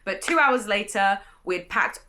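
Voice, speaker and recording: Chatty bright-voiced British woman. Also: medium pitch, animated, moderate pace. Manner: chatty, enthusiastic, rambling. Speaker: vlogger, bookseller. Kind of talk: casual vlog narration. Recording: staticky audio.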